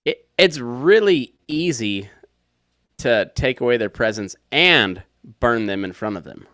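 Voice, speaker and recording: A man's voice: medium pitch, lively intonation, a little slow, a bit bright, no room sound, studio quality. A man co-hosting a podcast, making mock-serious sarcastic jokes in comedic banter. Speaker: podcast co-host.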